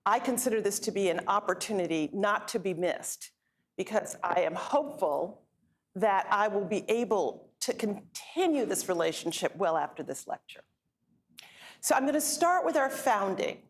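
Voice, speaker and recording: A woman's voice: mid-range voice, expressive, normal speed. A woman law school dean giving a public lecture, gracious and lightly self-deprecating, speaking to an audience. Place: university event hall.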